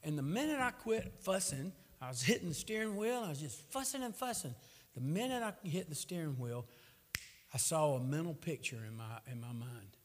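Preacher in a reverberant hall. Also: male voice, a little high, animated, fairly quick. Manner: folksy storytelling, rising to fervent. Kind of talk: sermon.

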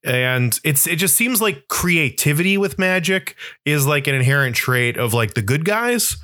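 A man co-hosting a podcast in casual chat, rambling and animated, full of restarts and "like". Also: a little high, moderate pace, dry recording, studio quality. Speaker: podcast co-host.

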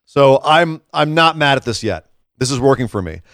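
A man's voice: mid-range voice, lively intonation, moderate pace, a bit bright, no room sound, clean studio sound. A man co-hosting a podcast, chatting animatedly in a casual wrestling recap. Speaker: podcast co-host.

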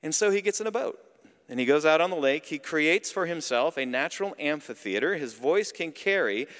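A man preaching a sermon as pastor, telling a story in an animated, conversational way. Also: fairly high pitch, fairly quick. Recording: long hall reverb.

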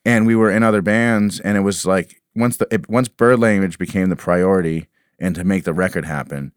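A very low-voiced man chats about his band in an interview, rambling and restarting his sentences. His voice is smooth and resonant, recorded close and dry. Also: fairly even intonation, a little fast, no room sound. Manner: rambling, many restarts and "you know". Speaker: band member guest. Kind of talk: casual interview chat.

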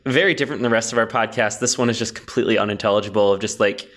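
Casting: male podcast co-host, bright tone, goofy and quick, laughs a lot. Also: on the low side. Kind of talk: casual comedic podcast chat.

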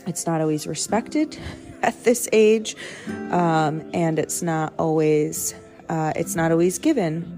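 A woman's voice: sits low, darkish tone. A young adult woman hosting a podcast, talking through faith and parenting in a loose, rambling way that often corrects itself. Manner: rambling, self-correcting, conversational. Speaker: podcast host. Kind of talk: casual devotional talk.

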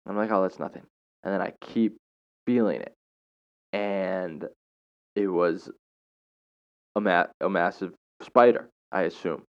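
A young man, a teacher, telling a personal story in a casual, animated way with lots of slang. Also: low-pitched, vocal fry. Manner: animated, slangy, dramatic retelling. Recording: dull lo-fi recording.

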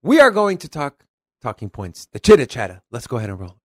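Animated Texan man hosting a podcast. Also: medium pitch, fairly quick, slightly rough. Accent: Southern US. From Texas. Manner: animated, swears casually, reads articles aloud. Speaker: podcast co-host. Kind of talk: casual podcast chat.

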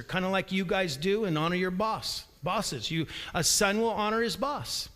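A high, bright male voice preaching with animated swings in pitch, urging the congregation to call back. He speaks with driving energy from the pulpit. A long hall reverb trails his words in the church sanctuary. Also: normal speed, hardly any pauses. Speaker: pastor. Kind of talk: sermon.

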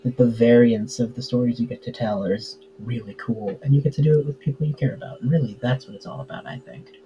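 A man's voice: medium pitch, steady tone, quick pace, warm tone, highs cut off, a little hiss or hum. A man chatting casually as a podcast guest, full of fillers and easy laughs. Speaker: podcast guest, tabletop game player. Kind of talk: casual interview chat.

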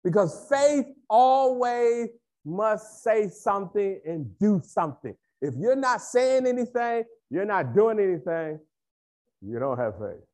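Animated high-voiced preaching man. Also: slow. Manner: emphatic preaching with repetition. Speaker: pastor. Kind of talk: sermon.

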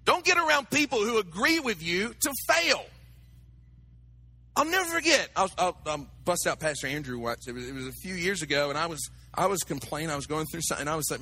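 A man preaching a sermon, animated and talking to his congregation with acted asides. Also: fairly high pitch, a little fast. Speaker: pastor.

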